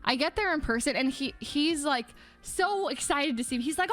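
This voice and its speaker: A young woman with a high, light voice chats casually on her livestream, rambling through a story with lots of "like." Faint music plays softly behind her. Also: expressive, fairly quick. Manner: rambling storytelling full of "like", with laughter. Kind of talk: casual chat.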